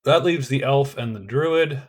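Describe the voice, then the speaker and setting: Talking through his board game moves by himself, a middle-aged man speaks in a mid-range voice at a slightly slow pace. He thinks out loud casually, often hesitating and starting over.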